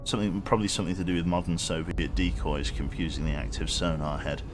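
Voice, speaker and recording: A man's voice: low-pitched, fairly even intonation, quick pace. A man streaming a submarine game, chatting casually with dry, self-mocking humor. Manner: rambling, wry, self-mocking. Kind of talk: casual live-stream commentary. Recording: noisy background hum.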